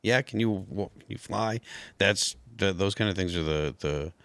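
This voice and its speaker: A man on a podcast panel speaking casually, with halting, repeated words. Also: low voice, a bit bright, clean tone, no room sound.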